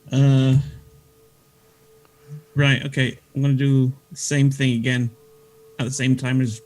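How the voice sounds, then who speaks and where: A man playing a tabletop game, giving short, lively replies. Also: mid-range voice, unhurried, pauses often. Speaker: player. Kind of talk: casual tabletop play.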